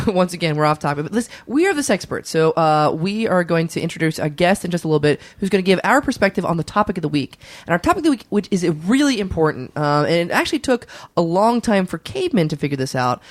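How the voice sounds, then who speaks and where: A goofy, self-important midwife doctor hosting a comedy podcast, as a man plays him. He giggles and rambles in a lively, swooping voice and keeps wandering off topic. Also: on the high side, dry recording. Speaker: host.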